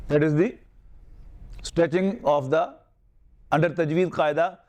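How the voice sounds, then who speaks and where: A man's voice: fairly high pitch, fairly even intonation, measured pace, a little mellow. Older man drilling Arabic verb forms. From Pakistan. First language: Urdu. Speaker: Arabic grammar teacher. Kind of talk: classroom lecture.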